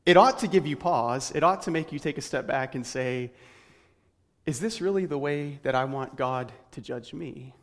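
A man's voice: on the high side, a bit bright. A man preaching a sermon earnestly, building his points through rhetorical questions. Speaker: pastor. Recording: long hall reverb.

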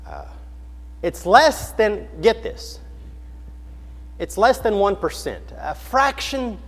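A man's voice: high voice, big pitch swings, slow pace, a bit bright, in a large hall. A man preaching a sermon in an earnest, questioning manner, building emphasis through repetition. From United States.

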